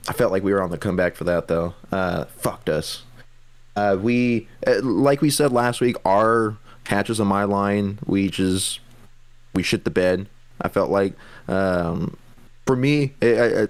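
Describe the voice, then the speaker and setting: A man's voice: lowish voice, steady tone, a little slow, no echo. A man co-hosting a casual podcast, reflecting on his play with lots of hesitation. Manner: hesitant, many fillers and restarts. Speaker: podcast co-host, paintball player. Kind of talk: casual chat.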